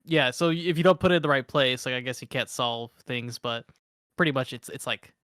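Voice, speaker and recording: Bright-voiced young man rambling casually. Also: medium pitch, brisk, no room sound, clean studio sound. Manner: rambling, lots of "like" fillers. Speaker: podcast co-host. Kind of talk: casual chat.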